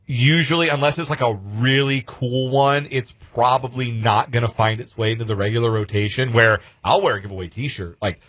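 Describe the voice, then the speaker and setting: A man's voice: medium pitch, moderate pace, hardly any pauses, a bit bright, dry recording. A man hosting a sports talk radio show, chatting casually and rambling a little, laughing easily.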